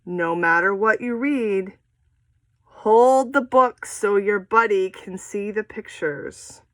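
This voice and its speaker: A woman teaching children how to read aloud with a buddy, in an animated, sing-song and encouraging way. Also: medium pitch, slow pace, no room sound. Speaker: reading teacher.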